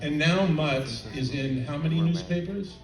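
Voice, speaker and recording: An older man chatting on a convention panel, halting with many fillers and restarts. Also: fairly high pitch. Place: convention hall panel stage. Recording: roomy, distant, faint crowd noise.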